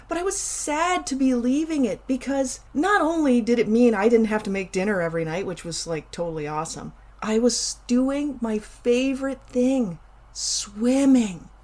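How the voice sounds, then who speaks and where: A woman's voice: a little high, normal speed, a little mellow. A middle-aged woman from Canada, hosting a casual solo show and chatting animatedly through a personal story with playful emphasis and asides. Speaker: podcast host.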